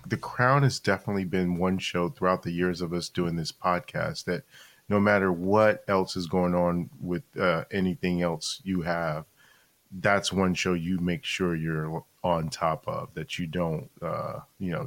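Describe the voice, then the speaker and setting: A man with a low voice co-hosts a podcast in easygoing chat. He feels his way through sentences, pausing on fillers and restarts as he looks for the right words. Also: fairly even intonation, fairly bright tone. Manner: hesitant, searching for words with fillers. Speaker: podcast co-host. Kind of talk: casual chat.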